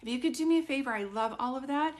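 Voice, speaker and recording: A woman's voice: high-pitched, fast. A woman psychic medium chatting casually and at length with viewers during a live stream. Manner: chatty and rambling, talking straight to viewers.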